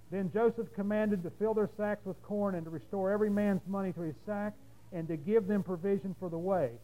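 Mellow-voiced male preacher reading scripture. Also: high-pitched, rough recording. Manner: reads aloud steadily, then explains in plain talk.

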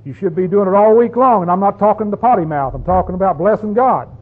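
A man's voice: high voice, quick pace. A man preaching a sermon as pastor, folksy and conversational, often asking the congregation questions. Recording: tinny phone-like sound.

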